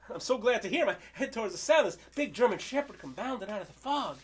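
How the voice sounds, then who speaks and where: An older man performing a story poem dramatically, swinging from loud outbursts to hushed whispers. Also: sits high, lively intonation, fast, a little hiss or hum.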